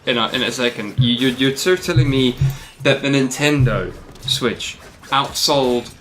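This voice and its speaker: A man's voice: medium pitch, normal speed, fairly bright tone, slight background noise. A man hosting a casual podcast, bantering and teasing with mock outrage. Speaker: podcast host.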